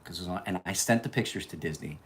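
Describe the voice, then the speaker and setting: A man's voice: low voice, very fast. A man hosting a livestream, telling loose, profane anecdotes and chatting to viewers in the live chat by name. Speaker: livestream host. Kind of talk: casual storytelling to live chat.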